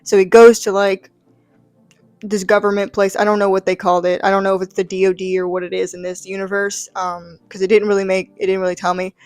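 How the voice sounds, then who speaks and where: A woman's voice: mid-range voice, flat delivery, fast, a little mellow, no room sound. A woman reviewing a comic book in casual chat, rambling with lots of fillers. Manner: rambling, full of "like" and "um".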